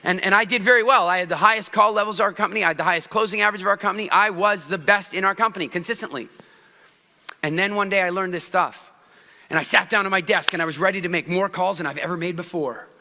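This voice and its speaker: Middle-aged man, stage speaker, animated, very bright forceful voice, fairly high pitch, long hall reverb. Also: quick pace. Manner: animated, demonstrates voices by shifting pitch and loudness. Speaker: public speaking coach. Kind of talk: stage talk to a live audience. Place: large hall with audience.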